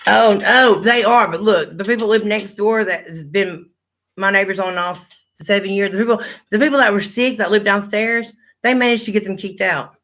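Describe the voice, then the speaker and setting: A woman's voice: mid-range voice, normal speed, a bit bright. A middle-aged woman, chatting on a livestream and telling blunt, profane stories. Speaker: livestream host. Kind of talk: casual chat.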